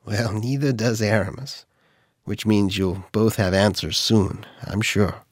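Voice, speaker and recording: A man voicing a hushed, kindly cousin. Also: lowish voice, fairly even intonation, unhurried, dry recording. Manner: hushed, confiding. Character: kindly male cousin attendant, quietly whispering.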